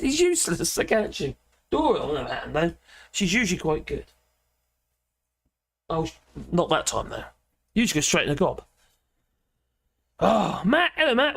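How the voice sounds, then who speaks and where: A man's voice: sits high, creaky, a bit bright. A man hosting a casual livestream, chatting and rambling through viewer comments in an opinionated way from home. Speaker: livestream host.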